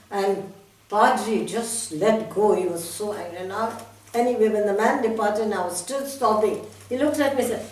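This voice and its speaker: An older woman giving a talk, telling a personal story from memory, with many restarts and small laughs. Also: medium pitch. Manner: reminiscing, with frequent restarts and laughs. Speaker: guest speaker. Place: talk venue hall. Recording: echoey hall from far off.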